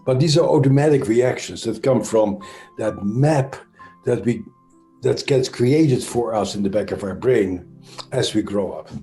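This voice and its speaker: A man with a Dutch accent, an interview guest explaining ideas in a thoughtful, halting way with frequent pauses and self-corrections. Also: mid-range voice, dark tone, echoey room, soft background music. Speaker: interview guest, trauma expert. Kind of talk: conversational explanation.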